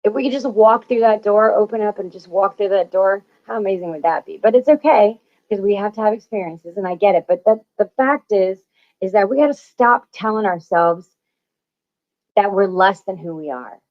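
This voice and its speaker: A woman's voice: medium pitch, moderate pace. A woman hosting a spiritual talk, speaking emphatically and repeating herself, swearing freely as she encourages listeners. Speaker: spiritual channel host. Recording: dull lo-fi audio.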